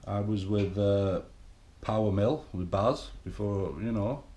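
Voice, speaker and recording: A middle-aged man gives a blunt, swearing, rambling pep talk straight to camera. His voice sits fairly low. The room around him rings with echo. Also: fairly even intonation, takes it slowly, dark tone. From England. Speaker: bodybuilding vlogger. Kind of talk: casual monologue to camera. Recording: echoey room.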